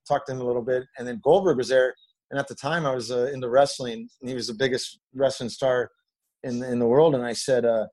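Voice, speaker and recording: A middle-aged former hockey player with a mid-range voice tells locker-room stories, heard on a rough recording. His casual storytelling rambles, but he gets animated whenever he quotes his teammates.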